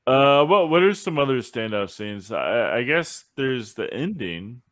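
Male podcast host, relaxed, conversational, moves the talk along. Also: medium pitch, measured pace, dry recording, clean studio sound. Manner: laid-back, prompts others. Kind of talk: casual chat.

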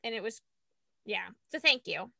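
A woman's voice: mid-range voice, moderate pace, gravelly, background noise. A young woman telling stories in a casual chat, acting out voices and laughing often. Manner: animated storytelling, acts out voices, laughs a lot, swears.

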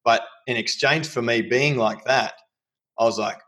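A man's voice: medium pitch, moderate pace, bright, forceful tone. A man talking candidly in a casual conversation, telling personal stories. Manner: candid, storytelling with acted quotes.

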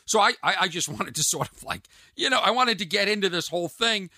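Male podcast host, animated comic rant, bright edge, dead-dry sound. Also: sits high, a little fast, no echo. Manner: animated, ranting, mimics others in asides. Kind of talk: comedic solo podcast monologue. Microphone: podcast mic on video.

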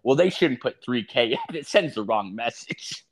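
A man's voice: medium pitch, animated, a little slow, crowd noise. A man co-hosting a podcast, telling crude stories in casual chat, swearing and acting out the people he quotes. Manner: profane, laughing, acts out quoted people. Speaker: podcast co-host.

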